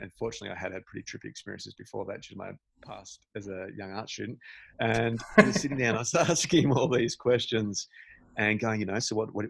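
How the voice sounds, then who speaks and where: A man's voice: on the low side, vocal fry, poor audio. A man in his forties, a podcast guest, telling a personal story in casual interview style, laughing often and acting out bits of dialogue. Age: 40s.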